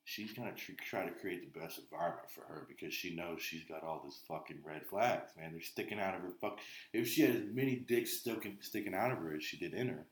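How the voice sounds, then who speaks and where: A man's voice: sits low, brisk, few pauses, echoey room. A man on a podcast, telling rambling stories full of swearing in casual chat. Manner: profane, rambling storyteller. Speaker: podcast co-host.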